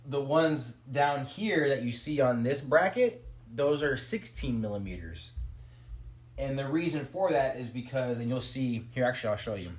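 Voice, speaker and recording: A man's voice: mid-range voice, animated, moderate pace. Guy rambling on stream while he screws stuff together at home, loose and jokey. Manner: rambling, loose, joking asides to chat and dog. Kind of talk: casual live-stream commentary while building.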